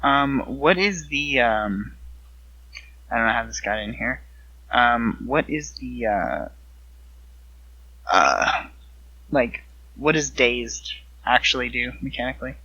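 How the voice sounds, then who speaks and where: A man's voice: medium pitch, animated, slow pace, long pauses, pushed and bright, slightly rough, no echo. A man playing a tabletop game over voice chat, hesitant with many fillers, on a dull lo-fi line. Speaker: player. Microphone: online voice chat mic.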